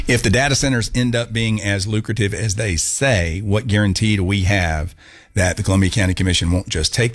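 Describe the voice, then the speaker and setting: A man hosting a call-in talk radio show in a studio, joking and chuckling between his questions. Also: low voice.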